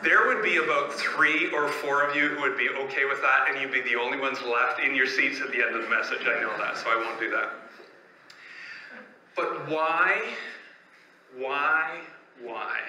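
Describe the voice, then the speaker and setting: A man's voice: medium pitch, sharp tone, a little hiss or hum. A man preaching a sermon as pastor, telling stories and asking rhetorical questions in a conversational way. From Canada. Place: church sanctuary. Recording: echoey church room, faint ambience.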